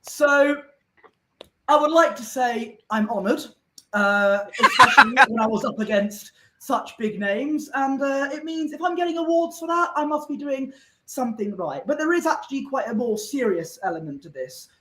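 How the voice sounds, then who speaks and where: A man's voice: extremely high pitch, expressive, normal speed, pushed and bright, reverberant, rough recording. A man from Somerset, a guest on a fan panel show, talking in an earnest, rambling way with lots of restarts. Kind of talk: casual chat.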